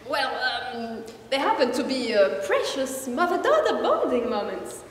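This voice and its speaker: A woman's voice: high voice, very animated, a little slow. A woman playing a sly female defense lawyer in a school stage play, hesitant with many fillers and theatrical. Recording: echoey hall, far from mic, faint noise.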